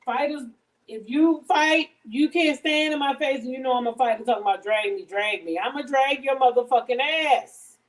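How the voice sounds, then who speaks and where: A woman's voice: high voice, normal speed, distant mic, low-quality recording. Blunt, profane woman talking off-mic. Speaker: livestream host. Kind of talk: casual live-stream gossip talk. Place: home kitchen, cooking. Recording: voice a bit off-mic.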